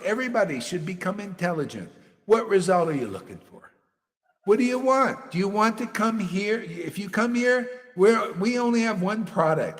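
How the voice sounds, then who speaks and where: A man's voice: high voice, in a large hall. A man giving a devotional sermon as a spiritual teacher, preaching bluntly and emphatically with mocking asides.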